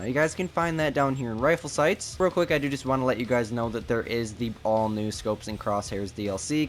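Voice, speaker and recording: A man narrating a gameplay tutorial as a YouTuber, chatty and talking straight to his viewers. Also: medium pitch. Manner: chatty, keeps addressing viewers as "you guys". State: tired after a long filming day. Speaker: gaming YouTuber.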